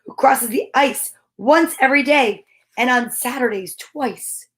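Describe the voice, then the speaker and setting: Unhurried and sing-song, a female comedian gives a funny read-aloud of a rhyming picture book in a high, bright voice. Between the verses she repeatedly ducks into hushed, nervous comments.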